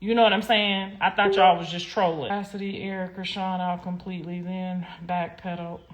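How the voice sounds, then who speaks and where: A woman's voice: fairly low pitch, flat delivery, brisk, dull audio. A middle-aged woman from the United States, a guest in a candid interview, talking bluntly and animatedly, with mocking impressions.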